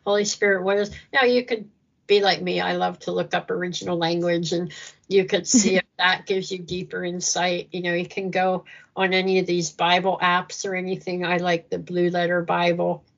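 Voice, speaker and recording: A woman's voice: lowish voice, flat delivery, moderate pace, vocal fry, dull audio. A woman speaking earnestly about faith in an interview, acting out prayers in a lifted voice. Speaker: guest speaker on Christian ministry. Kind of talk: conversational interview.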